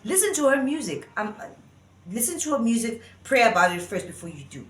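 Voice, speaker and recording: A woman's voice: fairly high pitch, sing-song, brisk, fairly bright tone, a little hiss or hum. A woman giving casual opinion commentary, earnest and rambling as she thinks aloud. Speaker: vlogger. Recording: roomy echo.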